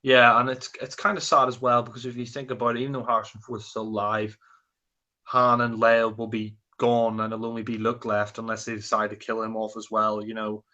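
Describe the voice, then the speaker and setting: A man talks through a film in a loose, rambling way, full of ums and restarts. His voice sits fairly low but has a bright, forward edge. It sounds like easygoing chat between friends. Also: completely flat delivery, a little fast, highs cut off. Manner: rambling, many fillers and restarts. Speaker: film review co-host. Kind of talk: casual chat.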